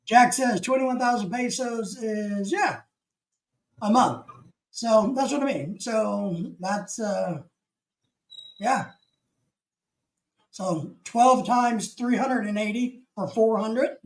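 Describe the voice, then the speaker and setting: A man's voice: high voice, slow pace, long pauses, low-quality recording. A man from the United States hosting a casual live stream, rambling through opinions and reading chat comments aloud.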